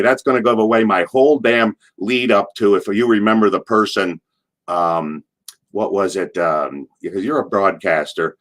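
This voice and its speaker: Low-voiced man telling rambling stories. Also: moderate pace, a bit bright. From Allentown, Pennsylvania. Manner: digressive, swears casually, restarts often. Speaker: retired pro wrestler, interview guest. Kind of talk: rambling anecdotal storytelling.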